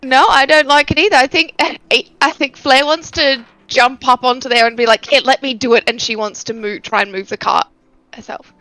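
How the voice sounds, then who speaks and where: A woman plays in a tabletop game, her bright, high voice stopping and restarting as she works through each question. She is recorded dry and close, with faint music behind. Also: fairly even intonation, normal speed, dry recording, rough recording. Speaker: player. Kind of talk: casual tabletop play.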